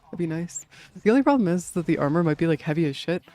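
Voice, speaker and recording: A man's voice: on the high side, animated, quick pace, a little mellow. A young man streaming a game in casual chat, rambling with many fillers, swearing and laughing often.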